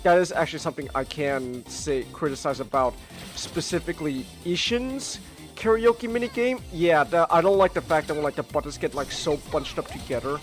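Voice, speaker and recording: A podcast host chatting casually on a livestream, excitable and quick to laugh. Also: mid-range voice, poor audio. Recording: livestream with faint music.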